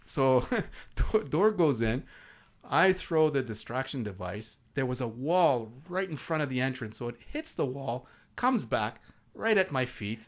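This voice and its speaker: A middle-aged man with a Canadian East Coast accent, a podcast guest telling stories from his police career in a lively, halting way full of restarts. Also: mid-range voice. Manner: animated storyteller with many restarts and laughs. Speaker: podcast guest, former SWAT sergeant. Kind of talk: casual storytelling.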